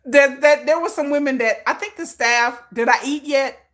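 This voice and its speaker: Woman on a livestream, high bright voice, laughing lots, swears, talks to chat. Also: normal speed. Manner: animated, laughing, rambling asides to chat; swears freely, Southern-flavored slang. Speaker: livestream host. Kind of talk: casual fan livestream chat.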